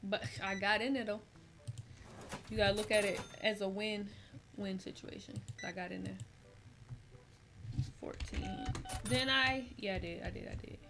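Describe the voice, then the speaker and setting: A young adult woman streaming a game, tired and chatting in a rambling, relaxed way full of slang. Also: mid-range voice, normal speed, background noise. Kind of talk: casual gameplay chat.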